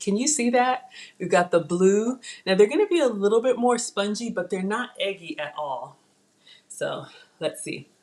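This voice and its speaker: Chatty, excitable woman vlogging. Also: medium pitch, normal speed. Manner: chatty, excitable, talks straight to viewers. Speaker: cooking vlogger. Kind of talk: live cooking demonstration chat. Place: home kitchen.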